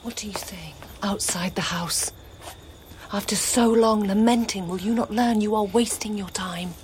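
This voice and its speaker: A woman playing a cautious younger sister in a classical drama, reproaching in a hushed, partly whispered voice. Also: mid-range voice, unhurried, slight background noise, lightly acted. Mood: reproachful.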